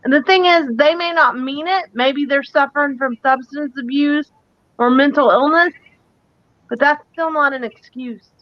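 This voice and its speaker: A woman's voice: high-pitched, normal speed, no echo, dull audio. A woman co-hosting a live psychic talk show, speaking earnestly and emphatically, repeating her key points. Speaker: psychic co-host.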